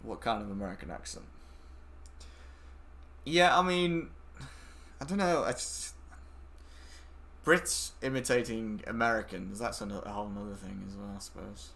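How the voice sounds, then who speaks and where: A man's voice: lowish voice, moderate pace, gravelly, pauses often, a bit bright. A young British man chatting casually on a gaming livestream, rambling between topics, answering chat and swearing loosely. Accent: British English. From Britain. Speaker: gaming streamer.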